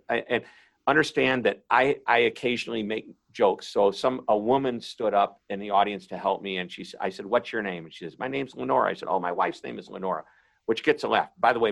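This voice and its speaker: A man's voice: fairly low pitch, fairly quick, gravelly, a bit bright. A man hosting the talk, telling a rambling, self-deprecating story in a casual way.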